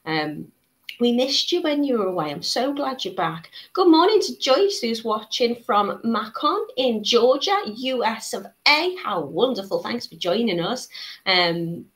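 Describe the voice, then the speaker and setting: A woman's voice: fairly high pitch, big pitch swings, unhurried, a bit bright. A woman hosting a live beading tutorial, chatting casually and reading out viewer comments with frequent little laughs. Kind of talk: casual live-stream chat.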